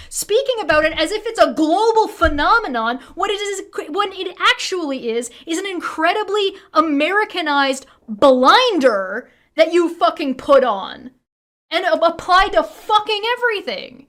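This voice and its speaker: A woman's voice: extremely high pitch, lively intonation, a little slow, a bit bright. A woman streamer giving a heated, profanity-heavy reaction rant. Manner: swears constantly, heated and ranting. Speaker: streamer reacting to a debate video.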